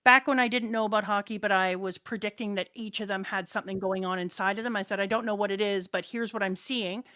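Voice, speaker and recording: A woman's voice: medium pitch, fairly even intonation, fast talker, sharp tone, dry recording, clean studio sound. A woman co-hosting a casual fan chat, talking thoughtfully and speculating. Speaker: podcast co-host.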